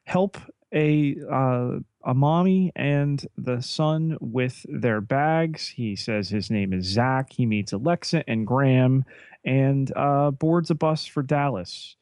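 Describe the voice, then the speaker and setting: Guy on a podcast recapping tv plot slowly, lots of ums, dry sound. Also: medium pitch, a little mellow, clean tone, no room sound. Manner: unhurried plot summarizing with fillers. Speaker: podcast co-host. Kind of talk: casual episode recap.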